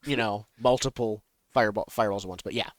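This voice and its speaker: A young man narrating as game master of a tabletop game, talking in a halting way with many ums and restarts. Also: on the low side, steady tone, no room sound.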